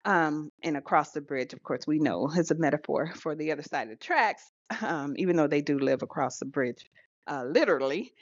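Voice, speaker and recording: A woman co-hosting a podcast, telling a story in an animated, casual way. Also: low-pitched, fairly quick, dry recording. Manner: animated storytelling with laughs and fillers. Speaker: podcast co-host. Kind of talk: casual chat. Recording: dull lo-fi sound.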